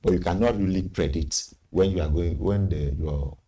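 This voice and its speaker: A man hosting a studio panel discussion, speaking emphatically with sudden upward leaps in pitch. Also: normal speed, mellow. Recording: slightly distant mic with faint noise.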